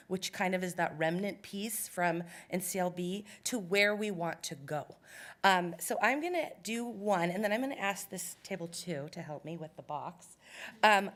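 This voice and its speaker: Lowish-voiced woman leading a meeting. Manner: explains slides and guides turn-taking. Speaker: meeting facilitator. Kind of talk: presenting to a table of educators. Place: conference room.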